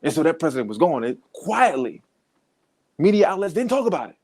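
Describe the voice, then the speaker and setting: A man's voice: on the high side, big pitch swings, fairly quick, darkish tone, husky. A man hosting a podcast, giving a profane, heated, comedic rant. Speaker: podcast host.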